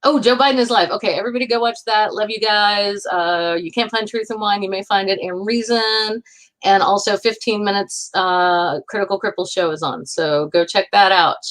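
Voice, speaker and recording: A woman's voice: medium pitch, normal speed, fairly bright tone. A woman hosting a casual livestream, chatting loosely with viewers, rambling and often laughing as she answers comments. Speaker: livestream host.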